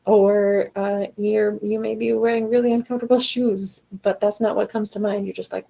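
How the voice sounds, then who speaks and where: A woman's voice: mid-range voice, level tone, normal speed, vocal fry, few pauses, mellow, poor audio. A woman giving a casual, encouraging live coaching talk to singers, acting out their inner voices as she goes.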